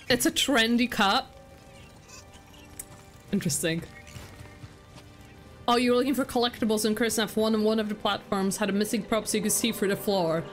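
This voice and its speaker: A woman's voice: mid-range voice, normal speed, pauses often, faint music behind. Giggly woman streamer chatting over gameplay. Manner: chatty, giggly, self-interrupting. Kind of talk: casual gameplay commentary.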